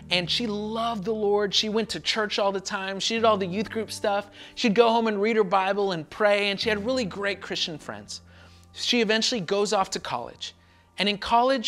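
A woman's voice: medium pitch, a bit bright. A woman pastor preaching a sermon in an earnest, repetitive cadence.

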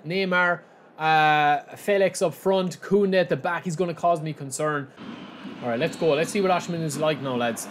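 His voice is a little high as he hosts a gaming channel, commentating live and excitedly on his own match, shouting at what happens and calling everyone "lads."

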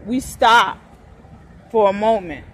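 A woman's voice: mid-range voice, takes it slowly, fairly bright tone. A woman rambling through a spiritual monologue to camera, wandering and repeating herself, swearing freely along the way. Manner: meandering, repetitive, swears freely. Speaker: vlogger.

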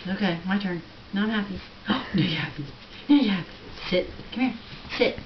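A woman's voice: medium pitch, moderate pace. A woman at home coaxing and baby-talking to a pet in a sing-song voice, recorded on a handheld camera. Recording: dull home video with steady noise.

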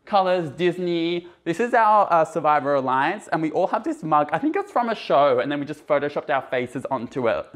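A man's voice: on the high side, a bit bright. A chatty, bubbly young man giving a casual tour of his small apartment, recorded on a handheld camera. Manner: chatty and bubbly, lots of fillers. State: a bit out of breath. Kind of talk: casual vlog chat.

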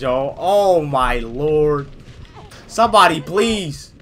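A man hosting a gaming video, giving excited, slangy commentary while he plays, often yelping or shouting. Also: mid-range voice, unhurried. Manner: jokey, yelps and shouts at sudden moments, slangy. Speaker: gaming channel host. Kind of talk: excited live gameplay commentary. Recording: gunfire and game noise clearly behind.

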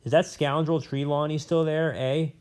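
A man's voice: a little high, flat delivery, moderate pace, a little mellow, voice pushed up, close to an everyday voice. A man voicing a mad old gray-bearded male professor locked in a cell, cranky and spluttering with scorn. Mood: scornful.

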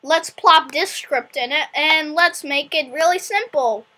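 A female channel host chatting casually while building a small game, quick to shriek when something works or goes wrong. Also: high voice, heavy background noise. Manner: excitable, shrieks when things go right or wrong.

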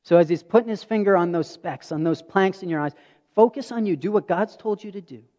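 Man, pastor, sermon, high voice, earnest storytelling, long reverb. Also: brisk, warm tone. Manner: earnest storytelling, acting out dialogue. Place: church sanctuary. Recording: dull audio with long hall reverb.

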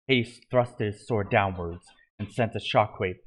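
A man's voice: on the low side, a little slow. Man reading a fan story aloud. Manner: steady reading with small slips and restarts. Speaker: narrator.

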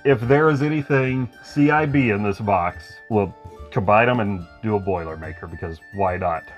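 A man's voice: fairly low pitch, moderate pace, muffled recording, soft background music. A man co-hosting a video game unboxing, chatting casually and joking with playful banter. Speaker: co-host of a gaming channel. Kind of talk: casual chat.

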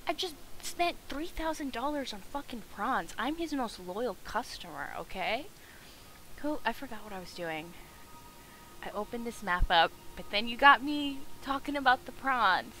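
A woman streaming a video game, chatting and joking excitedly with her viewers. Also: medium pitch, unhurried, slight background noise, poor audio. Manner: excitable, jokey, chatty with chat. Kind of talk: casual gameplay commentary.

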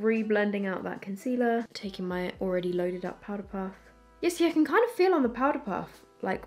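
A young woman with a slightly high voice talks through a makeup review at home. She chats casually and candidly, sprinkling in plenty of "like". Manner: chatty, candid, filler-heavy with "like". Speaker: beauty vlogger.

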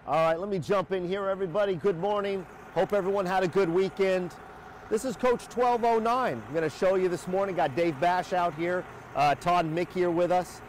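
Upbeat male host, slightly high voice, chatty live walkthrough outside, faint traffic behind. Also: moderate pace. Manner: upbeat, chatty, many uh fillers. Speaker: host of a sales livestream. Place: outdoors by a motorhome near a highway.

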